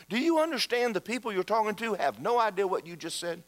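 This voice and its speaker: A man's voice: high-pitched, fairly quick, few pauses. A man preaching a sermon in a church, telling stories and acting out the people in them. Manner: animated storytelling, acts out quoted voices. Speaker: pastor.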